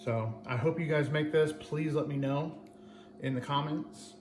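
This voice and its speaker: A man's voice: fairly high pitch, a little slow. Playful guy doing a home cooking vid, kitchen kinda echoey, faint hum behind. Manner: chatty, playful, talks to viewers. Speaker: cooking channel host. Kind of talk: casual home cooking demo.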